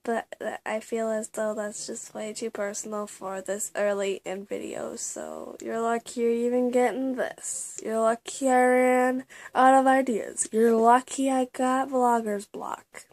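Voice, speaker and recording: Confessional young woman, fairly high voice. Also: level tone, darkish tone. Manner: confessional, halting, many fillers and restarts. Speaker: vlogger. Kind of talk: casual personal vlog.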